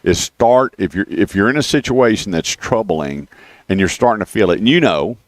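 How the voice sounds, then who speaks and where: Male radio host with a very low voice and a dry studio sound, a folksy storyteller. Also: normal speed, dry recording. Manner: folksy storyteller, animated when quoting others. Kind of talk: casual radio chat. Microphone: studio microphone.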